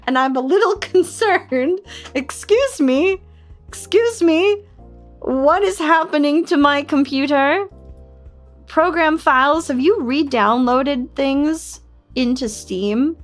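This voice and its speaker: Young woman streamer, high voice, unhurried chatter, jumps to squeals and giggles, soft music underneath. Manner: playful and excitable, squealing and laughing, mock outrage at her computer. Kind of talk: casual live-stream chat.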